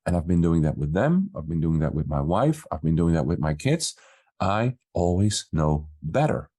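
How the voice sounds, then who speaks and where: A man's voice: low-pitched, moderate pace, husky. A man, a business coach, casually telling a story from his work and acting out what people said. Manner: relaxed storyteller, acts out quoted dialogue.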